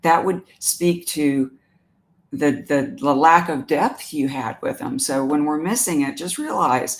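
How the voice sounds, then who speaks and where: A woman with a low voice hosts a live stream as an animal communicator, speaking gently and emotionally about pet loss. Warm and halting, she answers viewer comments and frequently pauses and restarts her sentences.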